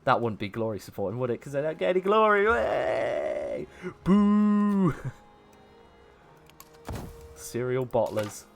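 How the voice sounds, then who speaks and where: Animated man chatting on stream. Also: mid-range voice, fast, few pauses, faint music behind. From English Midlands. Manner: chatty, laughs often, reads and answers chat aloud. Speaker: livestream host. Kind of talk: casual gaming livestream chat.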